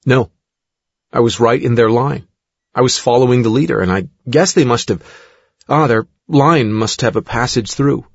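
A man reading the halting first-person account of a woman recalling an abduction, in his own voice. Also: medium pitch, vocal fry, husky, no echo. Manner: halting, plain recounting. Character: adult woman recounting an abduction under hypnosis. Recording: dull dry studio recording.

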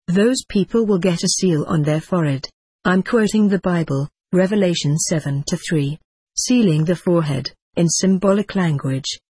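Computer voice doing a calm alien lady explaining things, breathy, dry close sound. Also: mid-range voice, no echo. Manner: flat, even synthetic delivery. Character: calm female extraterrestrial teacher. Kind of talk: text-to-speech audiobook reading.

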